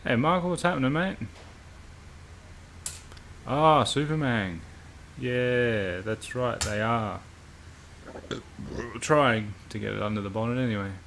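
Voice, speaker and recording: Man, casual stream chat, relaxed and blunt, mid-pitched voice. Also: moderate pace, gravelly, a little hiss or hum. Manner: relaxed, blunt, swears freely. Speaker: livestream host.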